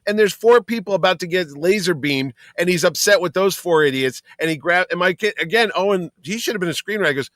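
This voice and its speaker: A middle-aged man on a podcast, telling stories from the movie with lively acted-out quotes. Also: sits high, fast, hardly any pauses, no room sound. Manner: animated storytelling, acts out quotes. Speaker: podcast co-host. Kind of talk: casual movie review chat.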